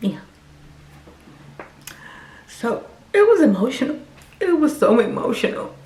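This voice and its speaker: Woman vlogger, lively storyteller, slightly high voice, roomy echo. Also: unhurried. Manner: animated, addresses viewers directly. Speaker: vlogger telling her own story. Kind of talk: casual storytelling to viewers. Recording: echoey room.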